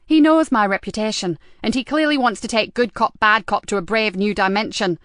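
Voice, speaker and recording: A woman narrator voicing a sharp-tongued, weary female police inspector who answers back with sarcasm and defiance. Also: mid-range voice, fairly quick, dry recording, studio quality, natural voice. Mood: sarcastic.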